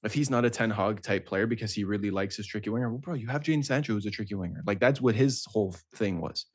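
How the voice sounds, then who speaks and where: A man's voice: fairly low pitch, fast. A man co-hosting a casual football podcast, making his case and checking in with "right?" over and over. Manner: argumentative, keeps asking "right?". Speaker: podcast co-host.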